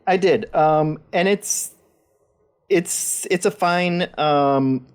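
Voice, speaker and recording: A man's voice: on the high side, drawn-out words, smooth. A man co-hosting a games podcast, talking casually and often repeating words as he thinks. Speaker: podcast co-host. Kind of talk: casual chat.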